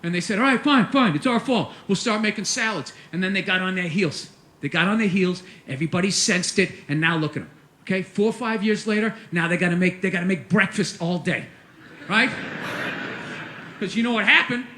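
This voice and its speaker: Male stand-up comic, profane exasperated rant, piercing bright tone in a roomy echo. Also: high-pitched, brisk, a little hiss or hum. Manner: profane, exasperated, bursts into shouting. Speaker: stand-up comedian.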